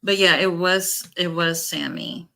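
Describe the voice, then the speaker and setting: Streamer woman, laid-back drawl, slow delivery, casual co-host energy. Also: fairly low pitch, vocal fry. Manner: relaxed, unhurried, teasing chat. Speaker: co-host of a wrestling watch-along stream. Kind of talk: casual chat, running a trivia game for chat.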